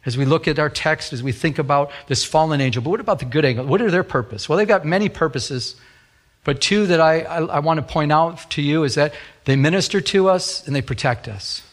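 A man's voice: on the high side, a little fast. A middle-aged man, a pastor, preaching a sermon with a fervent, repetitive cadence.

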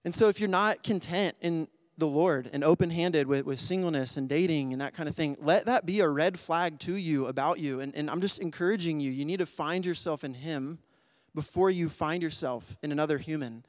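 A man with a somewhat high voice delivers a sermon in an earnest, conversational way. He often restarts his sentences and fills with "like," and at times sounds emotional. The recording is close and dry, with no room sound. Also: fairly quick, dry recording. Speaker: pastor.

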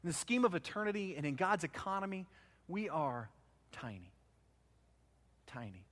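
Brief: male pastor, higher-pitched voice, dynamic sermon delivery, loud peaks and quiet drops. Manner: swings from loud emphasis to hushed, slowed phrases.

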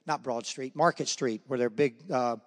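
A man's voice: medium pitch, moderate pace. A middle-aged man giving a personal testimony at a men's breakfast, telling stories and acting out voices. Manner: storytelling, acts out voices. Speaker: guest speaker. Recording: echoey hall.

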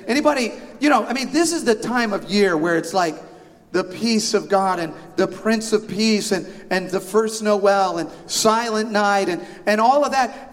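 A middle-aged man preaching a sermon, telling a family story with self-deprecating humor and asides to the congregation. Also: sits high. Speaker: pastor. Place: church sanctuary. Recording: long hall reverb.

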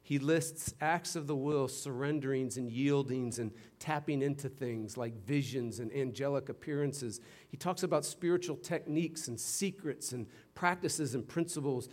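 A man's voice: moderate pace, hardly any pauses. Dynamic preaching pastor, man. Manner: dynamic preaching, swinging between loud emphatic bursts and hushed low passages; playful teacherly asides about grammar. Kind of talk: sermon.

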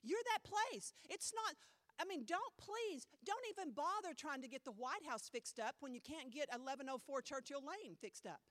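High-voiced lady preacher, blunt, acts out people's excuses, dry sound. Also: normal speed, dry recording. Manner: animated, blunt, mimics people mockingly. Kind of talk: sermon.

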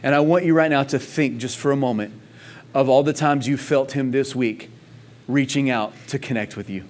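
A man's voice: medium pitch, normal speed, slight background noise. Male pastor, mid-range voice, chatty but emphatic sermon delivery. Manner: emphatic, conversational preaching with rhetorical questions. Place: church service in Texas.

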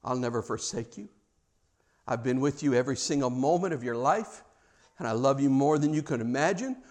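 A man with an American accent voicing God in a sermon, speaking in a soft, hushed, tender tone. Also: mid-range voice, expressive, a little fast, voice pushed down, close to an everyday voice. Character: gentle loving male God speaking softly.

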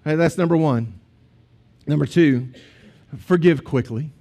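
A man's voice: a little high, a little slow, mellow. A man, a pastor preaching a sermon in a conversational storytelling way with asides to the congregation.

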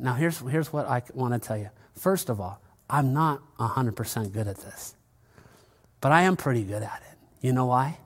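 A man's voice: medium pitch, moderate pace. A male pastor preaching a conversational sermon in church, often calling out to the congregation.

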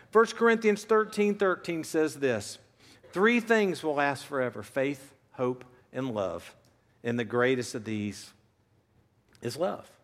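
A man's voice: high voice, big-room sound. Earnest man in his fifties preaching. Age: 50s. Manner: earnest, conversational storytelling with shifting emphasis. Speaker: pastor. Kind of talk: sermon.

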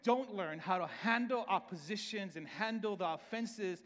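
A pastor with a Salvadoran Spanish accent delivers a loose, conversational sermon, stumbling over and repeating words as he goes. His voice sits high for a man. It carries a long reverb, as if from a large church hall. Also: normal speed, fairly bright tone. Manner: repeats words often and restarts, conversational preaching.

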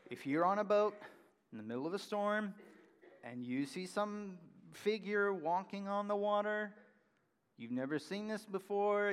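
A pastor with a high voice delivers an animated sermon, leaning hard on key words and then falling to a soft hush. His voice rings out with a long reverb, as if it fills a big church hall. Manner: animated preaching, dropping to a hushed whisper at times.

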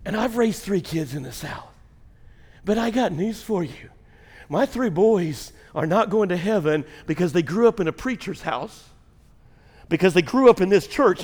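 A middle-aged man preaching from the pulpit in a strikingly high voice, pushing hard with blunt, provocative lines. He swings between loud, shouted peaks and hushed passages that fall almost to a whisper, talking straight to his congregation. His voice rings with the long reverb of a big church sanctuary. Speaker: pastor. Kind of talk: sermon.

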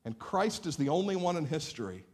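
A man from Northeast Ohio preaching a sermon to a church congregation, telling animated stories and asking the listeners questions. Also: a little high, fairly quick. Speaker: pastor. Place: church sanctuary.

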